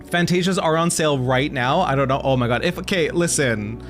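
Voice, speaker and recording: A man streaming a game, chatting casually with his viewers in an excitable, gushing way. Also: mid-range voice, brisk, faint music behind. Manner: excitable, gushing, talks to chat.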